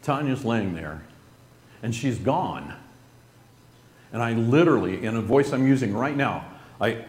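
A man telling a group an emotional personal story in an earnest, halting way, with restarts and some throat-clearing. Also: lowish voice, expressive, echoey room.

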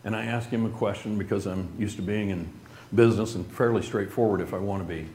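A man telling a group an emotional personal story in an earnest, halting way, with restarts and some throat-clearing. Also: lowish voice, steady tone, dark tone, echoey room, a little hiss or hum.

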